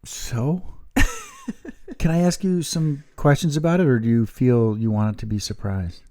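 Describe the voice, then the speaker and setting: A man's voice: mid-range voice, wildly swooping pitch, measured pace, darkish tone. Playful man in his fifties. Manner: playful, teasing, breaks into silly voices and laughs. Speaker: podcast co-host. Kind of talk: casual chat.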